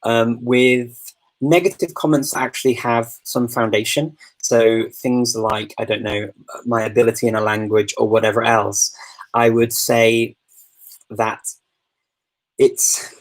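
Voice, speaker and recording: A man's voice: mid-range voice, little pitch movement, unhurried, rough recording. A man from the United Kingdom hosting a live Q&A, answering viewer questions in a thoughtful, upbeat, casual way. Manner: thoughtful and upbeat, calls himself a positive person. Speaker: host of a live Q&A.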